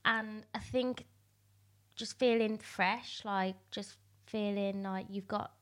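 A woman's voice: mid-range voice, steady tone, slow. A woman nail technician as a podcast guest, talking casually with lots of fillers. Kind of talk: casual interview chat.

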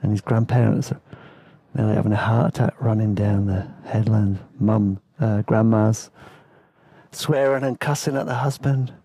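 Gravelly laid-back man. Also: on the low side, steady tone, moderate pace, dark tone, dry recording. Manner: rambling, laid-back, laughs between stories. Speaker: podcast host and storyteller. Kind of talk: casual spoken travel memoir.

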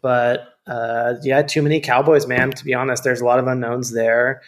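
A man's voice: medium pitch, little pitch movement, normal speed. A man co-hosting a casual sports podcast, joking and teasing the others. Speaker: podcast co-host.

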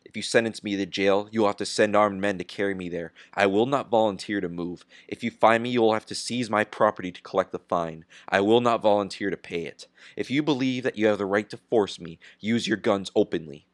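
A man reading the part of a defiant industrialist on trial, speaking gravely and firmly. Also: on the low side, dry recording, close to an everyday voice. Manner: grave, measured and firm. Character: defiant steel industrialist on trial, calm and unyielding. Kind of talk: audiobook character reading.

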